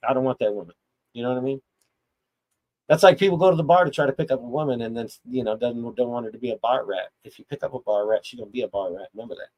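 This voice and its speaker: A man's voice: medium pitch, very fast, highs cut off. Blunt, profane middle-aged man ranting. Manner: blunt, profane, rambling with restarts. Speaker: host of a live chat stream. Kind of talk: casual livestream rant.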